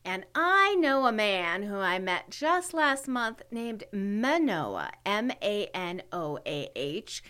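A woman's voice: medium pitch, very animated, slow pace, hardly any pauses, sharp tone, smooth. A middle-aged woman co-hosting a podcast in casual chat, playful and teasing, laughing often. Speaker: podcast co-host.

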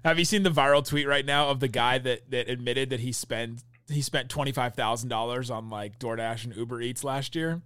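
A man's voice: medium pitch, a bit bright, clean tone, no echo. A man co-hosting a podcast in casual chat, teasing his partner and laughing easily. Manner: teasing, quick to laugh, ribs his co-host. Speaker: podcast co-host. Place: event venue, recorded live on site.

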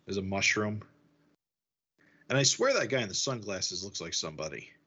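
A man's voice: fairly low pitch, expressive, normal speed, bright, forceful tone, breathy edge, dull audio. A man co-hosting a comics podcast, joking casually with stumbling restarts. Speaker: podcast co-host. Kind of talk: casual chat.

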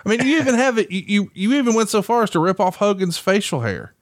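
A man's voice: high-pitched, lively intonation, fast, no room sound. Teasing man asking questions, dry sound. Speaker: podcast co-host, interviewer. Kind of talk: casual interview chat.

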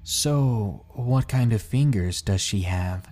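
A man's voice: fairly low pitch, takes it slowly, a little mellow. A man voicing a pushy, creepy adult man on a late-night date, insistent and coaxing.

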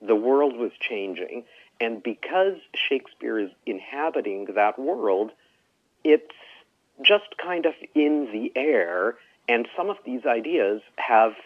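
A man's voice: mid-range voice, big pitch swings, takes it slowly, dry recording. A man from Canada, a science journalist, answering an interview thoughtfully with some hesitations. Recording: tinny phone line.

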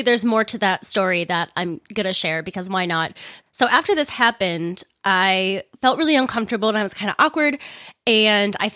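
A woman's voice: mid-range voice, a bit bright, no echo. Young woman, podcast host, casual chatty storytelling, swollen sore lip, dry close sound. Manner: chatty, swears freely, laughs while telling stories. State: sore swollen mouth, not using upper lip.

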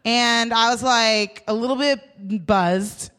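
High-voiced woman telling a wild story. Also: slow, clear, resonant tone. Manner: animated, swearing, acting out quoted voices. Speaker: podcast co-host. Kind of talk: storytelling comedy chat.

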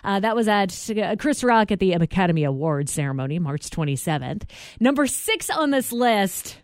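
A co-host on a morning show works through the day's headlines in casual chat and slips in quick asides between items. The voice sits at an ordinary middle pitch. It is close on a studio microphone with no room sound at all. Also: big pitch swings, no room sound.

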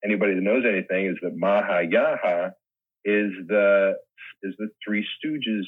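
A man's voice: fairly low pitch, moderate pace. A man in his sixties, a guest actor telling rambling anecdotes in a casual interview, laughing often. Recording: tinny phone-like line.

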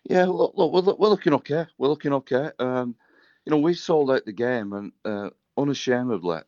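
A man's voice: mid-range voice, expressive, brisk, a little mellow, no echo, muffled recording. A man with a Wigan accent from northern England, chatting matily as a rugby club manager in a radio interview from his office. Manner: chatty, matey, easygoing.

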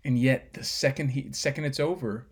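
A man's voice: mid-range voice, steady tone, normal speed, slightly rough. A man casually breaking down a film scene, rambling with fillers and swearing.

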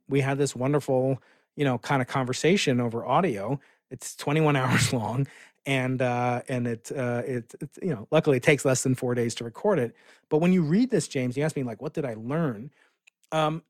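A man's voice: medium pitch, dry recording. Dry, enthusiastic middle-aged man storyteller. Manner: enthusiastic storyteller with frequent fillers and restarts. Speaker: guest. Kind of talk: casual podcast conversation.

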